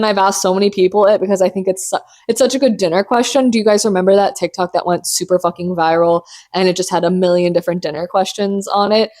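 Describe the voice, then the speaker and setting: A young woman hosting a casual solo podcast, talking in animated, profane, self-mocking bursts while hyped up on caffeine. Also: medium pitch, quick pace, few pauses. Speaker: podcast host.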